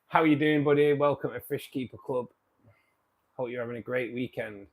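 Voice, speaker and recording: A man hosting a casual live stream, greeting viewers by name and chatting loosely, his sentences often trailing off softer at the end. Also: medium pitch, moderate pace. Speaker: livestream host. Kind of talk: casual live chat reading viewer comments.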